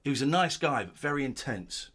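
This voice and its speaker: A man's voice: mid-range voice, lively intonation, a little fast, fairly bright tone. A man hosting a casual watch-along, rambling and chuckling as he comments on an old episode.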